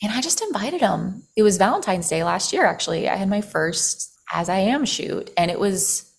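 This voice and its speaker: A woman guest on a podcast, telling a personal story in casual conversation. She is animated, leans on "like" as filler, and swears freely. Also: medium pitch, moderate pace, vocal fry.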